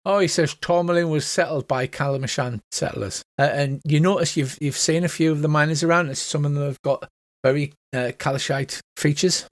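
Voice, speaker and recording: A man's voice: on the high side, fairly quick, no room sound, clean studio sound. A man, narrating a tabletop game as game master in a jokey, upbeat way.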